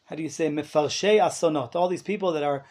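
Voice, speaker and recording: A rabbi gives a live lecture to a class in a study hall with listeners present, speaking emphatically with plenty of rhetorical questions and Hebrew terms. His voice is a little high, a little mellow, and brisk.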